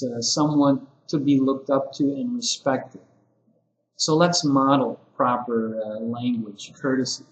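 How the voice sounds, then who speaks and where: A man giving a relaxed lesson to ESL teachers, talking through example phrases with many fillers. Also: mid-range voice, reverberant, rough recording. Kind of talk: casual spoken lesson to camera. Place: classroom with whiteboard.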